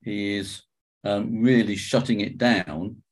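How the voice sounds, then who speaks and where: A man leading a Bible study group discussion, talking with frequent ums, restarts and throat-clearing. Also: fairly low pitch, steady tone, slow pace.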